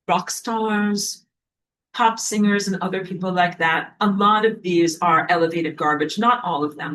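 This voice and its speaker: On a livestream, a spiritual teacher rambles casually, full of fillers and occasional profanity, reads out viewer comments, and apologizes frequently. The medium-pitched voice is a bit bright, with slight background noise on a low-quality recording.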